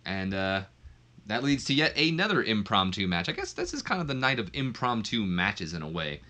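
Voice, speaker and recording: A man's voice: fairly low pitch, huge pitch swings, normal speed, pushed and bright. A man giving casual, offhand commentary on a wrestling simulation game. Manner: chatty, offhand, with fillers and asides. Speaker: let's play commentator.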